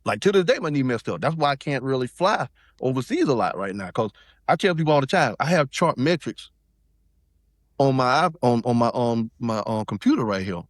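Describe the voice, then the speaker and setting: A man's voice: mid-range voice, expressive, a little fast, no room sound, clean studio sound. A middle-aged man from South Carolina, telling a personal story in loose, rambling casual talk as a podcast guest. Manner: loose, rambling, with many restarts and fillers.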